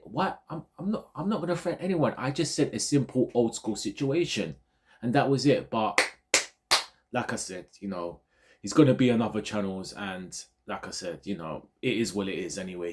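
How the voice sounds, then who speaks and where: A man from Ghana, a football vlogger, ranting casually about online fans in a digressive, repetitive way. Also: medium pitch. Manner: animated, digressive, repeats himself.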